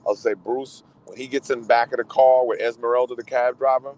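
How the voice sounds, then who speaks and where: A man hosting a radio show, chatting casually about movies and getting excitable, often repeating himself and trailing off mid-thought over a remote call. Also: medium pitch, brisk, low-quality recording. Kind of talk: casual chat.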